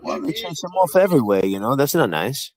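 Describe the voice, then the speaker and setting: A man running a casual live-stream panel, firing off profane, needling questions at the others. His voice sits at an ordinary middle pitch. The sound is close and dry, with no room echo. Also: sing-song, brisk.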